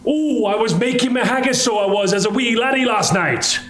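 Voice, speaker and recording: A man voicing a boastful self-styled Scotsman in a high, put-on mock Scottish brogue. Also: brisk, fairly bright tone, echoey room, a little hiss or hum.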